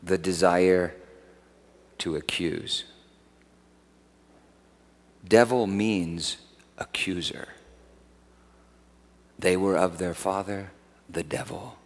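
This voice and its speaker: A man preaching a sermon as pastor, swinging from hushed asides to loud emphatic peaks. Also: sits low, fairly even intonation, very slow, pauses often. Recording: long hall reverb.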